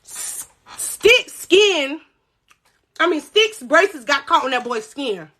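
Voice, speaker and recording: A young woman hosting a livestream, telling a high school story in an animated, profane voice and talking straight to her viewers. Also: slow. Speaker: livestream host.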